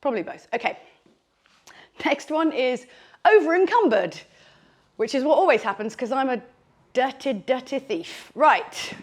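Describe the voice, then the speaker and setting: Upbeat woman instructor, out of breath mid-workout, chatty and encouraging, voice a touch high. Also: lively intonation, unhurried, pauses often. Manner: chatty, encouraging, with fillers like "like" and "okay". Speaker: fitness instructor.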